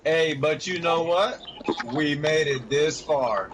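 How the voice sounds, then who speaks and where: Hesitant young gamer on a noisy line. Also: male voice, fairly high pitch, slow. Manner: easygoing, hesitant, many fillers. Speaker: streamer. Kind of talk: casual voice chat while gaming.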